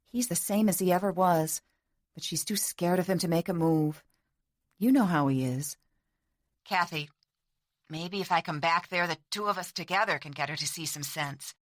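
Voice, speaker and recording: A woman's voice: lowish voice, moderate pace, dry recording, close to an everyday voice. A woman voicing an emotional young bride-to-be who sounds pleading and close to tears. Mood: weary. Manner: pleading, tearful.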